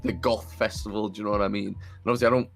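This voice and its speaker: A man's voice: lowish voice, fairly even intonation, very fast, gravelly, soft background music. A young man from northern England hosting a podcast, chatting casually, sweary and laughing through his stories. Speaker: podcast host. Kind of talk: casual chat.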